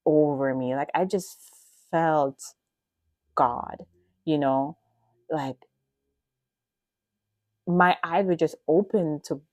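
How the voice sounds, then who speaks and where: A woman hosting a podcast, telling her faith testimony in an emotional, animated way, with gasps and many casual fillers. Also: low voice, no room sound. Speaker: podcast host.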